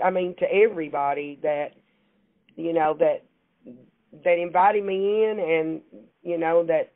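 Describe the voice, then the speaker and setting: A woman with a Kentucky accent, a guest chatting in a folksy, laughing way about her work. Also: lowish voice. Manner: warm, folksy, laughs often. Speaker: insurance agency CEO, guest. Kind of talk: casual interview chat. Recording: tinny phone-like call audio.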